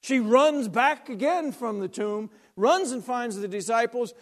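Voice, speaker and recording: A man preaching a sermon, retelling a scripture story dramatically, swinging from loud to hushed. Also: very high voice, unhurried, few pauses.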